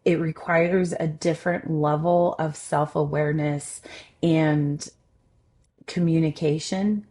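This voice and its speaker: A woman relationship coach and podcast host, telling personal stories in a loud, expressive, candid conversational way. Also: low-pitched, slow.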